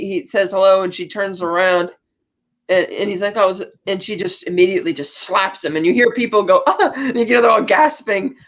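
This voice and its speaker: A woman's voice: mid-range voice, muffled recording. Chatty woman recapping a movie. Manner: chatty retelling with quoted lines and laughs. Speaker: podcast co-host. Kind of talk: casual podcast movie recap.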